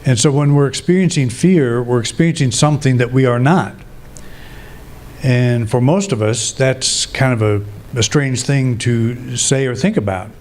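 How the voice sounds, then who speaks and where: A man preaching a sermon in a calm, reflective way, thinking aloud and restarting his phrases. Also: medium pitch, unhurried. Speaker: minister.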